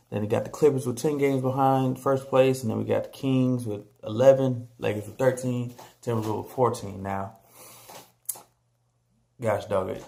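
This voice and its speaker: A man talking casually about basketball standings on his vlog, animated and joking, trash-talking teams and players. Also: mid-range voice, vocal fry. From San Antonio, Texas. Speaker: vlogger.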